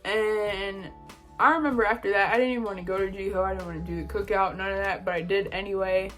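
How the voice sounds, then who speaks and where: A young woman vlogging, telling a casual story from college and quoting people in animated bursts. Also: medium pitch, fast, soft background music. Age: young adult.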